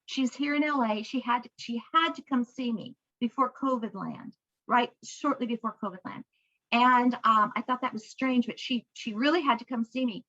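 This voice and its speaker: Her voice is on the high side, pushed and bright, at a moderate pace, with the highs cut off. As a book coach on a video call, she teaches in a conversational way, telling stories and acting out lines of dialogue.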